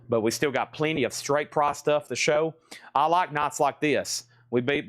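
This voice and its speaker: A man's voice: medium pitch, fairly bright tone, no echo, clean studio sound. Chatty man selling records live. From Tennessee. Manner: casual, rambling, chatty. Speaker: record seller hosting a live sale. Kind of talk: live sales stream.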